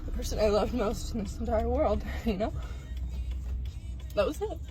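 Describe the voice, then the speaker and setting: A woman crying as she films herself in a car after her divorce, speaking haltingly, swearing and breaking off. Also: a little high, animated, mellow, faint music behind, rough recording. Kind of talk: emotional self-filmed vlog.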